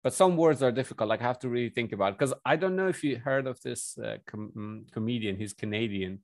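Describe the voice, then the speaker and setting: A man's voice: mid-range voice, quick pace, gravelly, dry recording. A young man from India with an accent that mixes Indian and British, chatting casually as a personal trainer, rambling and chuckling. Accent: Indian mixed with British. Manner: rambling, animated, chuckles often. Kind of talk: casual chat.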